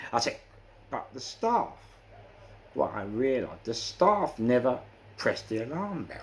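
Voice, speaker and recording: A man with a London accent recounting prison episodes in animated storytelling, acting out the exchanges and often saying "you know". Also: lowish voice, a little slow. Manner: acts out quoted exchanges, frequent "you know" fillers. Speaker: interviewee recounting prison life.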